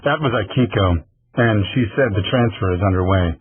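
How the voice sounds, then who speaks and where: A man's voice: on the low side, moderate pace, husky, dry recording. A male audiobook narrator voicing a wealthy, composed, possessive man who speaks coolly and with assurance. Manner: cool, assured. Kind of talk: audiobook reading. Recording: tinny phone-like lo-fi recording.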